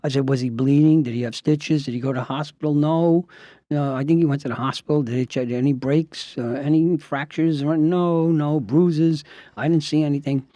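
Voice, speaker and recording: A man's voice: on the high side, steady tone, moderate pace, mellow, no echo. An older man, a defense lawyer retelling a trial, acting out his cross-examination questions and the witnesses' answers with sarcastic asides. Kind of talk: anecdotal storytelling, reenacting dialogue.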